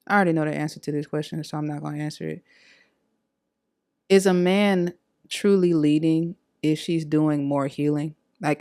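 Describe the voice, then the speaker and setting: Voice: medium pitch, darkish tone, clear, resonant tone, dry recording, studio quality. A podcast co-host in casual chat, posing questions and answering with short affirmations.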